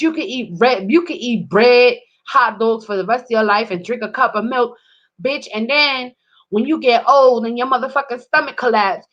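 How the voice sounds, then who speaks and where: Speaking to camera, a woman delivers a heated, profane rant, swinging from loud outbursts to low muttering. The sound is lo-fi.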